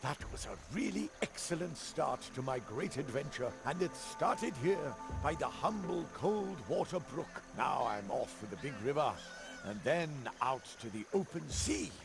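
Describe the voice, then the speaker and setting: A man's voice: fairly high pitch, expressive, measured pace, vocal fry. An actor voicing a polite, grandfatherly old male traveler who carries spices, in a video game. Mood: genial. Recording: game audio under music.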